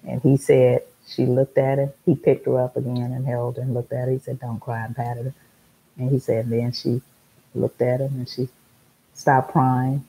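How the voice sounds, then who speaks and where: A woman's voice: very deep voice, little pitch movement, normal speed, mellow, a little hiss or hum, rough recording. A middle-aged woman hosting a talk show, telling a story in an emphatic, repetitive monologue.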